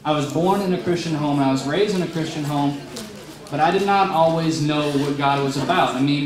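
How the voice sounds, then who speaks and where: A young man giving a rambling, self-mocking speech to a youth group and taking questions from the audience. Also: on the high side. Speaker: motivational youth speaker. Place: large room before a youth group audience. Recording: echoey room, mic at a distance, crowd noise.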